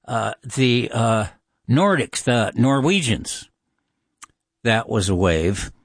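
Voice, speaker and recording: A man's voice: medium pitch, animated, slow, no room sound, clean studio sound. A man hosting a call-in radio show, chatting in a musing, informal way with many fillers.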